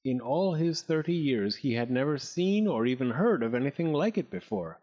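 A man reading a story aloud with expressive, dramatic narration. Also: medium pitch, normal speed, lo-fi sound.

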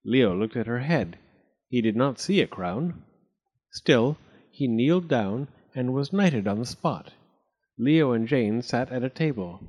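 A man narrating a children's storybook aloud in an expressive, animated way. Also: mid-range voice, unhurried. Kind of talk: storybook reading.

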